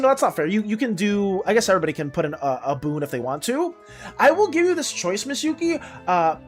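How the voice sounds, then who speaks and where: Lively, scattered woman streamer. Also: medium pitch. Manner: scattered, trips over words, quick to apologize. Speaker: art streamer. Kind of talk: casual live-stream chat with viewers.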